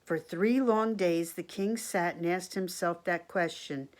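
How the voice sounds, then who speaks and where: Slow, expressive woman reading a picture book. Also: lowish voice. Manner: expressive, gasps and asks the listener questions. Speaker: teacher reading aloud. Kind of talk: picture-book read-aloud for children.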